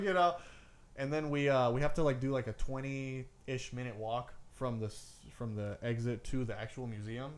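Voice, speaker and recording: A man with a mid-range, somewhat dark voice co-hosts a podcast, spinning a long story in casual chat. He rambles, leaning heavily on "like" and "I'm like," calls people "bro," and swears casually.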